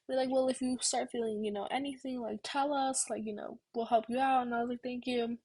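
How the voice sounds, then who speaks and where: A young woman vlogger telling a story in a rambling, self-deprecating way, swearing casually, with a husky voice. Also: fairly high pitch, steady tone, moderate pace, a little mellow, poor audio.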